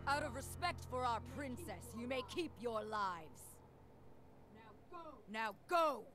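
A stately warrior chief. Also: female voice, on the high side, lively intonation, loud music behind the voice. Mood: solemn. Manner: stately, solemn, measured. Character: proud commanding woman warrior chief. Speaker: game character. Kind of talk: dubbed game dialogue. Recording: game audio with long reverb.

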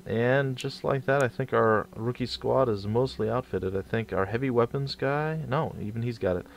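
A man's voice: medium pitch, moderate pace, creaky. A young man casually commentating his strategy game, rambling and stumbling over his words. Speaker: let's play host.

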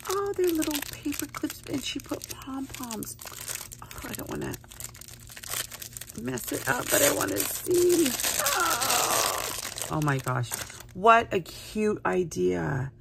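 A woman's voice: mid-range voice, sing-song, measured pace, gravelly. A woman hosting a craft unboxing vlog, gushing and gasping over each item, sometimes dropping to a whisper. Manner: gushing, gasping, repeated exclamations; drops to a whisper at times. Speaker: craft channel host. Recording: noisy room with paper crinkling.

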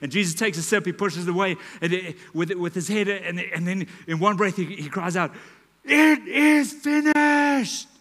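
A man, preaching a sermon in a church and telling a story dramatically, dropping to a hush and rising to loud calls. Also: sits high, steady tone, a little fast, hardly any pauses. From South Africa. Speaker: pastor. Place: church auditorium. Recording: live church hall reverb.

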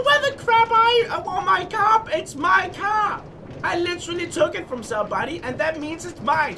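A young man giving excited, hyper gameplay commentary as a gaming video host, often yelling at the game. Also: very high voice, slight background noise. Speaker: gaming YouTuber.

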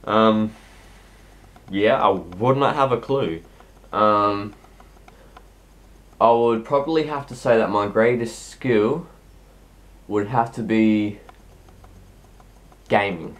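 A man's voice: fairly low pitch, slow, pauses often, fairly bright tone. A sixteen-year-old boy, sick and coughing, answering viewer questions in a rambling, hesitant casual vlog. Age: teens. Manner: rambling, hesitant, heavy with ums and restarts.

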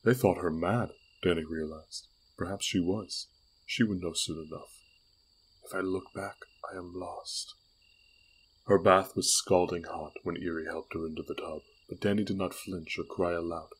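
A man reading an audiobook aloud with steady, unhurried storytelling. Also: low voice, slightly rough, poor audio. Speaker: audiobook reader. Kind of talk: audiobook narration.

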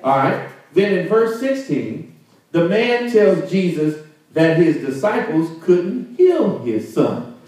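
A man's voice: on the high side, sing-song, takes it slowly, darkish tone. A male pastor preaching a conversational sermon, drawing call-and-response from the congregation and laughing often. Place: church sanctuary. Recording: very echoey room, mic at a distance.

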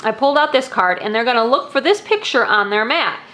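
A woman's voice: a little high, animated, brisk, bright, forceful tone. Friendly woman explaining a lesson. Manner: friendly, explains step by step with fillers. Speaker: teacher demonstrating activities. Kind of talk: casual how-to demonstration.

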